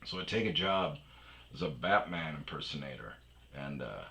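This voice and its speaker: A man from Wisconsin telling rambling, profane comic stories that often trail off into low mumbles. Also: lively intonation, normal speed, gravelly, sharp tone. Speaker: storytelling podcaster.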